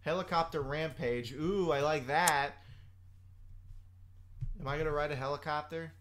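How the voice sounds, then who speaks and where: A young man giving excitable, laugh-filled commentary while playing a video game, swearing freely. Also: fairly high pitch, unhurried. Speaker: gameplay commentator. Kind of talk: let's play commentary. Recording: noisy home recording.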